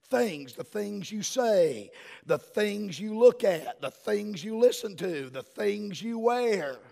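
A middle-aged man, preaching a sermon as a pastor and building to fervent shouting. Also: high voice, animated, slow, vocal fry.

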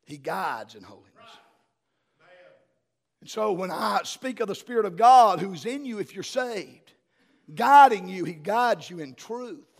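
A middle-aged man, preaching a sermon as a pastor and building to fervent shouting. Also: high-pitched, expressive, measured pace, gravelly.

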